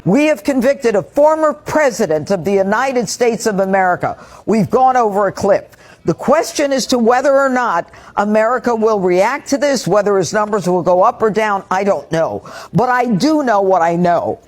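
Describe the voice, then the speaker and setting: Measured, disillusioned legal commentator. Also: mid-range voice, lively intonation.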